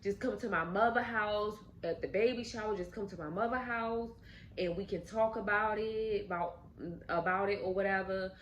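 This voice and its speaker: A woman's voice: mid-range voice, normal speed, slight background noise, natural voice, low-quality recording. A woman voicing a young pregnant woman who firmly sets limits with her ex. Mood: calm. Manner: firm, dismissive.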